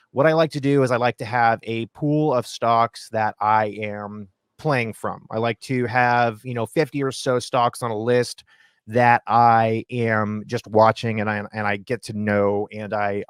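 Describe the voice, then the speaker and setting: A man's voice: fairly low pitch, smooth, dry recording, studio quality. A man from Ohio, a full-time options trader, talking casually as a guest over a video call, rambling with fillers and restarts. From Ohio, USA. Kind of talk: casual conversational explanation.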